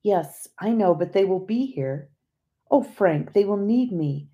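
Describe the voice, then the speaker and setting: A woman's voice: medium pitch, animated, a little slow, dull audio. A woman voicing a frail, dying woman who speaks earnestly and pleads with her guide. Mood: earnest, pleading.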